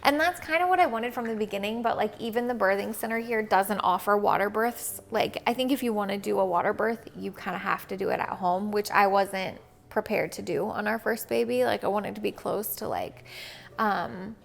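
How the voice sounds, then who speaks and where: A woman's voice: mid-range voice, a little fast, vocal fry. A young woman telling a personal story in casual chat, with many "like"s and "um"s. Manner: chatty, lots of "like" and "um". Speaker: co-host telling a birth story.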